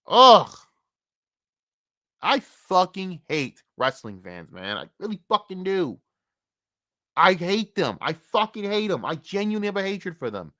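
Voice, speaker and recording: Streamer cussing nonstop on stream, pitch all over the place, keeps going from mumbling to yelling. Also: no room sound, clean studio sound. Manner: profane, swings between low muttering and loud outbursts; rapid-fire ranting with repeated phrases. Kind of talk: live stream rant.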